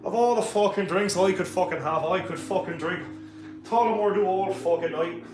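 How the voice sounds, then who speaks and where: A man voicing a rowdy, hard-drinking Irish man at a bar, with a put-on Irish accent, loud and boisterous. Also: high-pitched, moderate pace, pitched above the performer's own voice, close to an everyday voice. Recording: echoey room with music playing.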